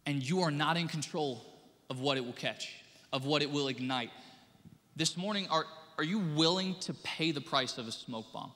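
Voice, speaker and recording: Man, pastor, animated sermon, high voice, long church reverb. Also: moderate pace. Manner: animated preaching with acted-out quotes. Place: church sanctuary.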